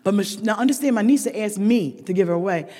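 Her voice mid-range and a bit fast, a middle-aged woman shares at a recovery meeting in a big, echoing hall. She tells her story to the live audience with animated drama, chatting straight to them and moving from loud outbursts to hushed asides.

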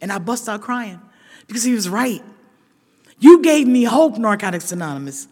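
A woman's voice: fairly high pitch, normal speed. Frank, funny woman in an echoing hall. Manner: frank, humorous storytelling, lively voicing of quoted people. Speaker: speaker sharing at a recovery meeting. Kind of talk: personal recovery testimony. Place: large meeting hall. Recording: reverberant hall with long echo.

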